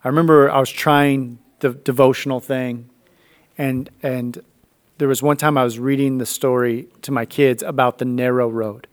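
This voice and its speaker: A man's voice: medium pitch, moderate pace. A man in his thirties telling a family story in a faith conversation, acting out the voices in it. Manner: animated storyteller acting out dialogue.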